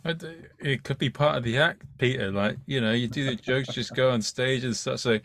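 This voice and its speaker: A man's voice: medium pitch, moderate pace, fairly bright tone, slight background noise. A man hosting a casual interview, easygoing and swearing freely. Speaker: podcast host.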